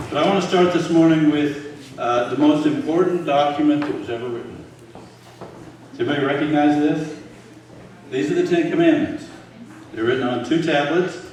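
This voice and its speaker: An older man leading a relaxed Bible study, chatting and quizzing his audience as he goes. He is picked up by a distant microphone in a heavily echoing room, with faint background noise. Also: medium pitch. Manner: conversational, quizzes the audience with questions. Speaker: Bible teacher. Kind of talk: informal Bible teaching to a live group. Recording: very echoey room, voice from far off.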